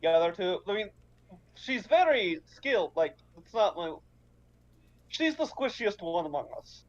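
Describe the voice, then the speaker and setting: A man's voice: high-pitched, big pitch swings, unhurried. A man voicing a protective woman warrior in a tabletop game, hesitant and full of fillers. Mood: worried. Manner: hesitant, laughing, lots of fillers. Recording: dull lo-fi mic.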